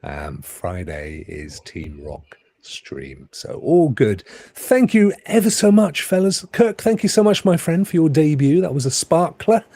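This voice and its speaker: A man hosts a casual streamed chat show, ribbing his guests and throwing in "mate" constantly. His voice is husky and his pitch leaps around with big swings. The sound is close and dry, with no room around it. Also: sing-song, unhurried, hardly any pauses, mellow, dry recording. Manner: chummy, teasing, says mate often. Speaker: show host.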